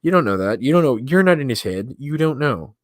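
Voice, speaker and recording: A man's voice: mid-range voice, sing-song, a little fast, dry recording, clean studio sound. A man hosting a casual reaction stream, crude and mocking, swearing heavily and reacting with disbelief.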